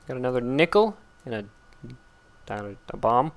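Excitable man with a smooth voice. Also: medium pitch, unhurried. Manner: excitable, blurts out exclamations and complaints. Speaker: let's play gamer. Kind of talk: casual gameplay commentary.

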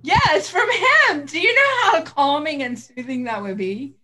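Woman, high bright voice, very lively pitch, enthusiastic, giggly. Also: moderate pace, rough recording. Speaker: co-host of a vaping livestream. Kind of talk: casual chat.

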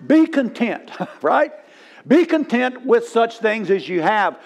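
A man's voice: very high voice, big pitch swings, takes it slowly. A man, a pastor, preaching a sermon, telling funny stories and calling for responses from the congregation. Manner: storytelling with humor, rising to loud punchlines.

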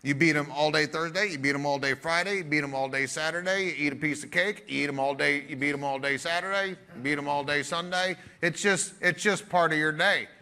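Bright-voiced, high-pitched male pastor preaching. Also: fairly quick, few pauses. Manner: energetic, jokey, emphatic, conversational. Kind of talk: sermon.

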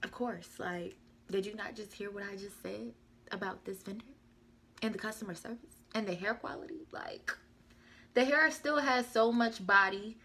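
Young female vlogger, bright gravelly voice, loose rambling product chat. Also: medium pitch, normal speed. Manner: rambling, chatty, self-correcting. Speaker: beauty vlogger. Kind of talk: casual product review chat.

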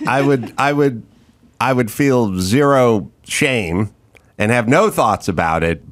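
A man's voice: mid-range voice, expressive, takes it slowly. A man hosting a podcast in casual chat, wry, spinning mock stories with jokey quoted voices. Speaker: podcast host.

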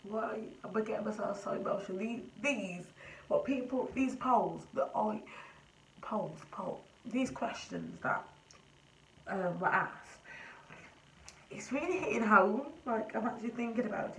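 A woman's voice: mid-range voice, a little slow, gravelly, pauses often, a little hiss or hum. A young woman in her twenties talking casually and emotionally to camera, earnest and rambling with restarts. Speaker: vlogger. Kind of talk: casual confessional chat. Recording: roomy, echoey, distant from mic.

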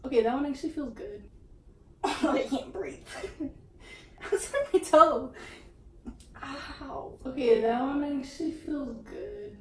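Giggly high-voiced woman in an echoey room. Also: unhurried, long pauses, a little mellow. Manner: giggly, self-mocking, laughs often. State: out of breath. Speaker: vlogger. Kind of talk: casual vlog. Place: her mom's bedroom. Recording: roomy, distant, faint hiss.

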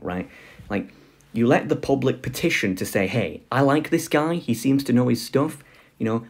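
A man's voice: lowish voice, a little mellow. A young man giving an opinionated political monologue, passionate and ranting, often restarting and repeating words. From United Kingdom. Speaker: political commentary YouTuber.

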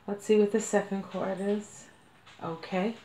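A woman's voice: medium pitch, little pitch movement, a little slow, mellow, a little hiss or hum. Chatty woman reading cards in an echoey room. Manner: chatty, meandering, with frequent fillers and laughs. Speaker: card reader. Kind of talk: casual tarot-style card reading. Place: home room.

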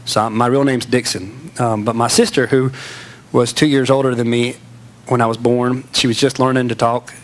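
A man's voice: mid-range voice, level tone, moderate pace. Folksy man telling a story. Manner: candid, self-mocking, folksy. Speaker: speaker. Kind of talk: storytelling speech to an audience.

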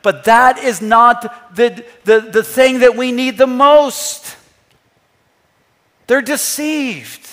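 A male pastor preaching a sermon, emphatic, dropping to a hush and then rising to loud. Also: extremely high pitch, extremely slow, in a large hall. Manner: emphatic, swings between hushed and loud, acts out scripture quotes. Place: church.

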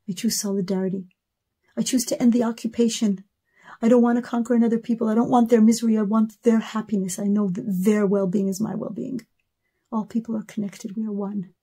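Earnest Israeli woman, warm and husky. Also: mid-range voice. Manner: earnest, emotional, repeats words for emphasis. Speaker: singer speaking to fans. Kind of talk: heartfelt personal address to camera.

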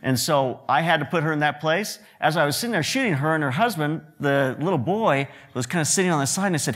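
A man with a slightly higher-than-average voice gives a lecture to students. He tells his stories in a relaxed, joking way and slips into the voices of the people he is quoting. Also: quick pace, hardly any pauses. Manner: joking storyteller who acts out quotes. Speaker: guest lecturer, photographer and director.

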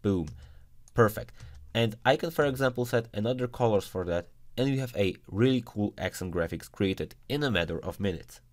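A man teaching a screen-recorded software tutorial, giving methodical step-by-step instructions and now and then punctuating a result with a punchy exclamation. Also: fairly low pitch, fairly quick.

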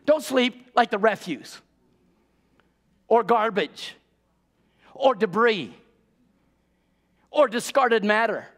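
With a notably high, slightly bright voice, a male pastor preaches an urgent, animated sermon at a slow pace with long pauses. He hammers home his points by repeating key words and putting rhetorical questions to the congregation.

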